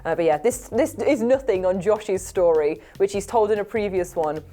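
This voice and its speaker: A young woman tells a story in casual chat and acts out the quotes with lively voices. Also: medium pitch, normal speed. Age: young adult. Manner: animated storytelling with acted-out quotes. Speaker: show panelist.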